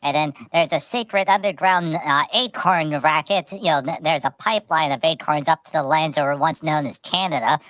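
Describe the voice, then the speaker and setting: Rambling low-voiced woman host. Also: a bit bright, no room sound, rough recording. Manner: halting, many restarts and "you know". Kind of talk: rambling comic storytelling.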